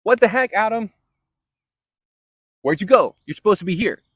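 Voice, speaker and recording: A man doing a baffled, scolding deity, higher and louder than his own voice, brief dramatic aside. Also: animated, moderate pace, husky, dry recording. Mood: exasperated. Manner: incredulous, scolding questions. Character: exasperated God searching for a missing man.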